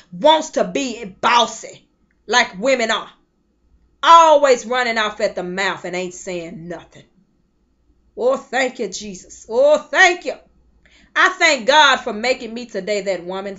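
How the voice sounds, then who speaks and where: A woman preaching a sermon with impassioned swells and soft drops, at times breaking into tongues. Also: fairly high pitch, highs cut off. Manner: speaks in tongues between phrases.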